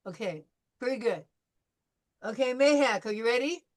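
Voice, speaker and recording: Female language teacher, voice a touch high. Patient and encouraging, models sounds slowly, repeats drills, calls on students. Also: lively intonation. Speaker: French teacher. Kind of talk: pronunciation drill in a live class.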